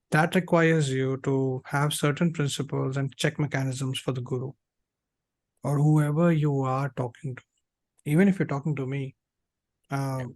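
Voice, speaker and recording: A man hosting a podcast in casual chat, speaking in a measured, advising way with some hesitations. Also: mid-range voice, darkish tone.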